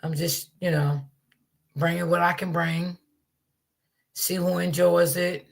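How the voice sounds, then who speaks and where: A woman's voice: lowish voice, fairly even intonation, slow pace, vocal fry. A woman hosting a casual livestream, talking to her chat and greeting viewers by name. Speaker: livestream host.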